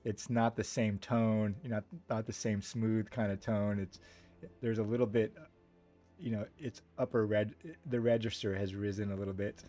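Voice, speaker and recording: A man's voice: lowish voice, flat delivery, moderate pace, warm tone, soft background music. Man narrating a tabletop game. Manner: descriptive, meandering, many fillers. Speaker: game master.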